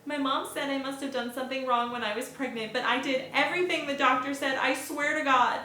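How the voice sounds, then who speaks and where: A woman reads as a young waitress and mother, tearful and pleading, her voice pitched a little high and bright. The figure comes from a storybook read-aloud, taped in an echoing room. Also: steady tone, brisk, a little hiss or hum.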